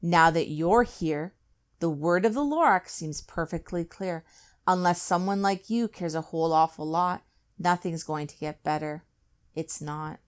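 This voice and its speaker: A woman's voice: on the low side, measured pace, natural voice. A woman voicing a greedy, defiant male factory owner from a storybook, boastful in tone. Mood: solemn.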